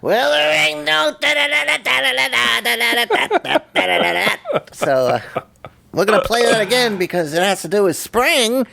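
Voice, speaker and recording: A man's voice: high-pitched, sing-song, normal speed, a bit bright, pitched above the performer's own voice, full character voice. A man putting on a comedic impression of a male rock singer that keeps slipping into another voice. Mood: playful.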